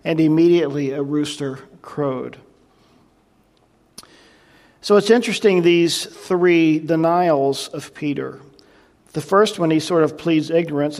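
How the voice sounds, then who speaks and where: A man's voice: fairly high pitch, unhurried, long pauses, a little mellow. A man preaching a verse-by-verse sermon in a conversational, reflective way, with frequent asides to the congregation. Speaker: pastor. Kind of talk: sermon, verse-by-verse Bible teaching.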